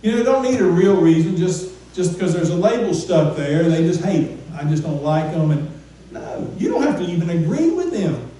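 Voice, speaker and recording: High-voiced man preaching in an echoey church. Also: very animated, fairly quick, warm tone. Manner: asks the congregation questions, restarts with repeated words. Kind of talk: conversational sermon. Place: church sanctuary. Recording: echoey church room from far off, faint noise.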